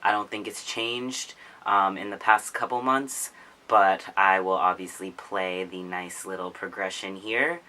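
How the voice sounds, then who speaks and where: Vlogger, male, low register with a sharp bright edge, rambling filler-heavy casual talk. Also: fairly even intonation, unhurried. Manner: rambling, full of "like" and "um". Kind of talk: casual chat.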